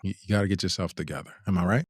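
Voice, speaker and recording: Deep-voiced man hosting a talk show. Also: very fast, dry recording, studio quality. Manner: thoughtful, many restarts and repeated words. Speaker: podcast host. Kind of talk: casual discussion.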